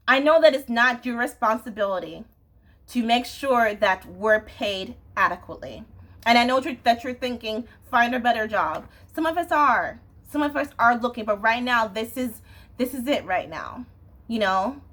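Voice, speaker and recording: A woman's voice: on the high side, expressive, measured pace, fairly bright tone. A young woman venting in a casual, exasperated rant to camera, swearing and often asking "you know what I'm saying". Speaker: vlogger.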